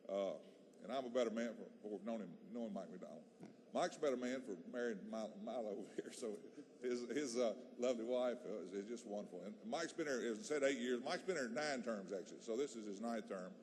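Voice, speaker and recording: A male legislator gives a heartfelt, halting tribute speech on the floor of a large chamber, starting over often. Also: medium pitch, a little mellow, a little hiss or hum. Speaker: state legislator.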